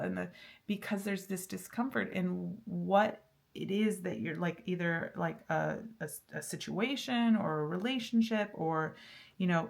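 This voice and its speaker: Woman, tarot reader, low voice, gravelly, chatty, laughs a lot. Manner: chatty, laughs often, many fillers and restarts. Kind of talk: casual pick-a-card tarot reading.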